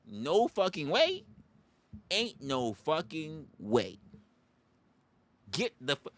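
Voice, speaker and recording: Profane animated ranting man. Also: on the high side, slow, pauses often. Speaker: livestream host. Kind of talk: comedic rant.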